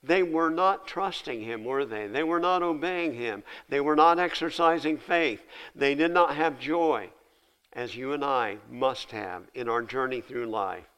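A man's voice: medium pitch, a little slow, fairly bright tone, clean tone, poor audio. An older man giving a folksy sermon as pastor, retelling scripture with dramatic voiced dialogue.

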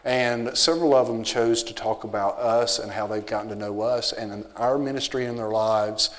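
A man's voice: on the low side, steady tone, moderate pace, long reverb tail. A man with a Southern US accent, a visiting missionary giving an easygoing, informal talk to a church congregation. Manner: easygoing, folksy, with frequent fillers. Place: church sanctuary.

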